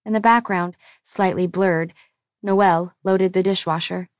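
A woman narrating an audiobook in a calm, even storytelling voice. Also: on the low side, a little slow, no echo, studio quality.

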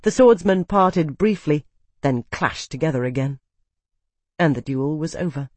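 An audiobook narrator reading a fantasy novel in a steady, expressive, dramatic way. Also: medium pitch, unhurried, no room sound.

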